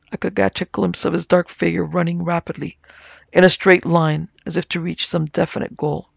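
A man narrating a ghost story for an audiobook in a measured, even-toned way. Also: on the high side, vocal fry, no room sound, muffled recording. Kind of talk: scripted narration.

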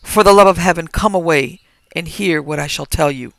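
A man reads a frightened old innkeeper whose trembling voice pleads loudly and emotionally, with a gravelly edge and a bright, forceful tone. He is a storybook figure, and the recording sounds dry and close. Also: fairly high pitch, a little fast, no room sound. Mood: pleading.

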